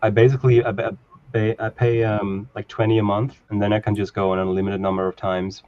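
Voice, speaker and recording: A man with a fairly low voice tells a long, rambling story in relaxed casual chat, laughing often as he goes. The sound is muffled and lo-fi, like a video call. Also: fairly quick.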